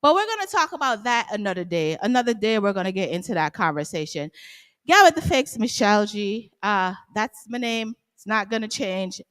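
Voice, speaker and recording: A woman hosting a casual livestream talk show, talking in an excited, loud, chatty way with lots of fillers. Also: medium pitch, brisk, hardly any pauses, clear, resonant tone. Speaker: show host.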